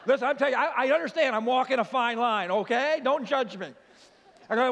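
An older man preaches in a church, spinning a funny story and throwing himself into every voice. His voice sits high, and a long reverb trails after him. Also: a little fast, gravelly. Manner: animated comic storytelling, acts out voices. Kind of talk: storytelling sermon.

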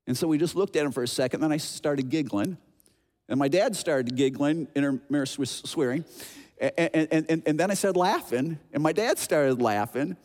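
A man in his sixties from Chicago, preaching a sermon as an animated storyteller who acts out noises and voices. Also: a little high, moderate pace. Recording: long hall reverb.

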